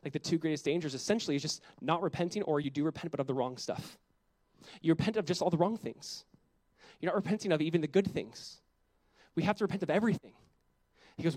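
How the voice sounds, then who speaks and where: A man's voice: fairly high pitch, a little fast, darkish tone, no echo, poor audio. Earnest man preaching a sermon. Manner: earnest, conversational preaching with rising intensity. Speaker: pastor.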